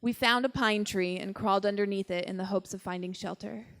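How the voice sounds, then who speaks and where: A young woman performing a personal story on stage at a live show, with a wry, deadpan delivery and dramatic pauses. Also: mid-range voice.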